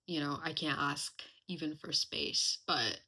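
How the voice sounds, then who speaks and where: Bright, sharp-toned young woman podcasting. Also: low-pitched, steady tone, a little slow, gravelly. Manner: candid and reflective, chatty with many fillers. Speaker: podcast host. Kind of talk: casual personal podcast monologue.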